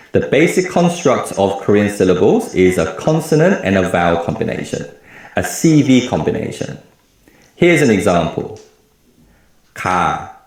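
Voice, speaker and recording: Male language teacher, low gravelly voice, lively delivery, very echoey room. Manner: measured, explanatory. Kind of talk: scripted lecture.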